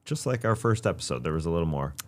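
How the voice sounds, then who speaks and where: A Canadian man co-hosts a casual sports podcast. His voice is low and he talks haltingly, restarting and repeating words. His delivery is relaxed. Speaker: podcast co-host.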